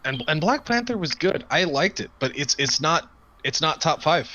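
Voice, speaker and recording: A man's voice: on the high side, big pitch swings, normal speed, pushed and bright. A man co-hosting a casual podcast chat, rambling, swearing freely and laughing often. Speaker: podcast co-host. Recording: dull lo-fi sound.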